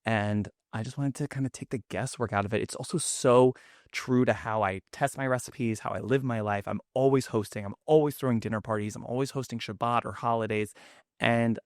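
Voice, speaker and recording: A man's voice: medium pitch, fairly even intonation, fairly quick, no echo. Brief: man in his thirties, Queens New York accent, effusive podcast guest, dry close sound. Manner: chatty and effusive. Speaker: guest, cookbook author. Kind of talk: casual podcast chat.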